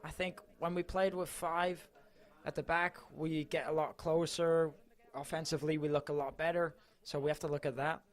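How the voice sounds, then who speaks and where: Emotional footballer from Mallorca, voice cracking. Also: male voice, fairly high pitch, flat delivery, normal speed, few pauses. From Mallorca, Spain. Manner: earnest, emotional. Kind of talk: post-match interview.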